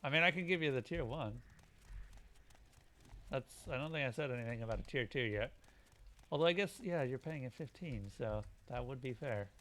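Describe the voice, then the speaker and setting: A man's voice: medium pitch, lively intonation, moderate pace, pauses often, fairly bright tone. A man streaming a video game, giving casual commentary with wry, grumbling asides.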